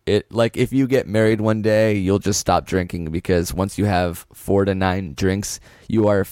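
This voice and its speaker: A young man co-hosting a podcast, teasing his co-host and quick to laugh in casual chat. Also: deep voice, steady tone, darkish tone, clear, resonant tone, no room sound, clean studio sound.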